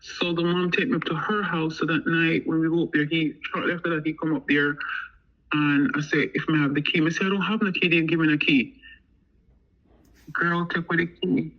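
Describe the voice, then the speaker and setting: Animated American woman telling a story. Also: deep voice, a little fast, muffled recording. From United States. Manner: animated, acts out what others said. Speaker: guest telling her story. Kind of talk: casual storytelling.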